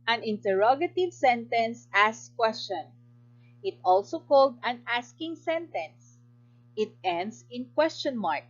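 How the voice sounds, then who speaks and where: A woman teacher with a Filipino English accent, giving a recorded grammar lesson in a clear, instructive way and praising answers. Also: on the high side, lively intonation, a little slow, muffled recording.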